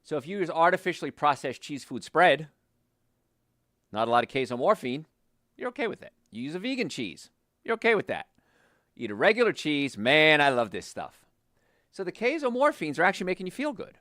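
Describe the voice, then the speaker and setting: A man's voice: fairly quick, no echo, clean studio sound. A man hosting a health talk show, speaking casually and telling stories about his patients. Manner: animated, storytelling, quotes patients in lowered voice. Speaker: health show host, doctor.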